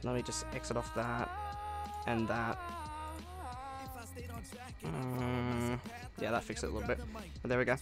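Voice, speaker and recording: A man's voice: medium pitch, flat delivery, measured pace, pauses often. A young man streaming a game live, chatting casually with viewers and answering their comments in an upbeat way. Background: faint music.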